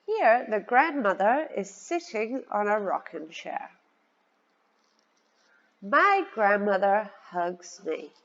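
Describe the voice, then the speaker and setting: Woman teacher for young kids, very slow and lively sing-song delivery, words spelled out; lo-fi, reverberant sound. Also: medium pitch. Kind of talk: children's vocabulary lesson. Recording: dull lo-fi sound with long reverb.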